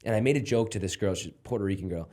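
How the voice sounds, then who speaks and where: A man in casual podcast banter, telling crude stories in an animated, profane way. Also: on the low side, racing. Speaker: comedian guest.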